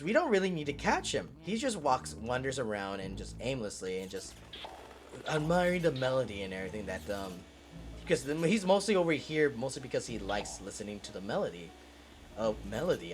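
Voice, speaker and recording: A man giving casual gameplay commentary, rambling, swearing and laughing as he plays. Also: mid-range voice. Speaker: let's play host.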